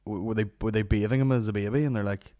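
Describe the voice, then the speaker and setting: A man hosting a comedy podcast, telling stories in a rambling, profane, deadpan way. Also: lowish voice, fast, dry recording, studio quality. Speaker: podcast host. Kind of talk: comic podcast rant.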